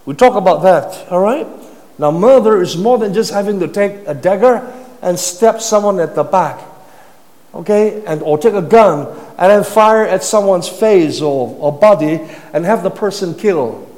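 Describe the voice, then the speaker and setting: Male preacher, high voice, teaching sermon style with questions to the congregation; reverberant hall sound. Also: expressive, normal speed, a little mellow. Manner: teaching, rhetorical questions to listeners, repeats words.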